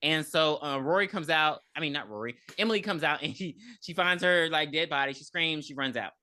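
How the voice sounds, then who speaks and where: A woman's voice: low voice, a little fast, pushed and bright. A woman podcast host giving a casual, profane movie recap with emphatic storytelling.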